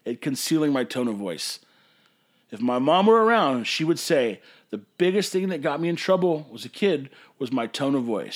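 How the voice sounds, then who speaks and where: Passionate man ranting. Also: fairly high pitch. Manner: passionate, emphatic, hollering at times. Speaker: podcast host and brewery owner. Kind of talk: casual ranting monologue.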